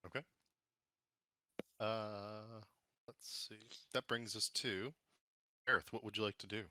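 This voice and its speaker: A man's voice: fairly low pitch, fairly even intonation, slow, sharp tone, no room sound. A man running a tabletop game as dungeon master over an online call, describing scenes in a loose, chatty way with lots of fillers.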